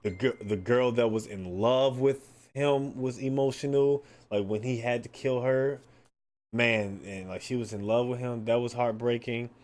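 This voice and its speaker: A man hosting his own podcast, chatting casually in a loose, excitable way, swearing freely and filling his talk with "like" and "man". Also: medium pitch, a little slow. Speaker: podcast host. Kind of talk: casual solo podcast chat.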